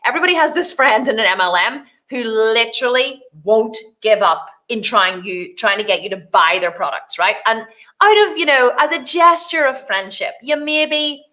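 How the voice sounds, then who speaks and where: A woman's voice: on the high side, moderate pace, bright, forceful tone. A woman business coach hosting a solo podcast, talking casually and animatedly, swearing freely and acting out the voices of people she describes.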